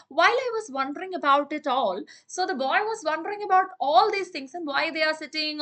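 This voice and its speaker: A woman's voice: high voice, bright, forceful tone. A young woman, a teacher reading a story aloud and explaining it line by line, with many fillers and restarts. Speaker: English teacher.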